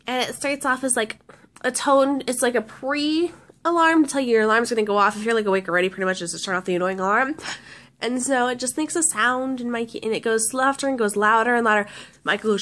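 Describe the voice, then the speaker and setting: A woman's voice: a little high, fairly quick, a bit bright. A woman vlogger telling a story casually, rambling with lots of restarts and fillers.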